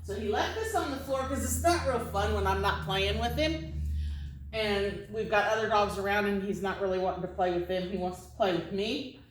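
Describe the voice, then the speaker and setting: A woman dog trainer in a casual, chatty way, explaining how to start a tug game with a dog in an instructional video, with high, excited praise for her dog during play. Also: moderate pace, reverberant, recorded from a distance, a little hiss or hum, low-quality recording. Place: indoor training space with other dogs around.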